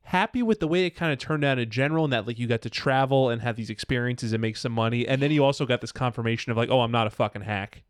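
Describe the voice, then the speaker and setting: A man's voice: medium pitch, quick pace, few pauses, clean tone, no room sound, clean studio sound. Easygoing man hosting a podcast. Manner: easygoing, thinks aloud with many fillers. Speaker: podcast host. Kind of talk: podcast conversation.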